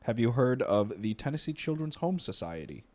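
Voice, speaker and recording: Young male podcast co-host, animated delivery, loose and profane storytelling. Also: medium pitch, moderate pace. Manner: laid-back, swears freely, laughs often. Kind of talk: casual comedic history storytelling.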